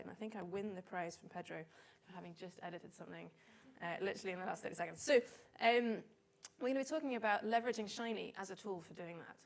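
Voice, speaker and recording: Woman, 40s, conference speaker; mid-pitched, chatty, self-deprecating, lots of fillers. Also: gravelly. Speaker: conference speaker, data visualization consultant. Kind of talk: conference talk.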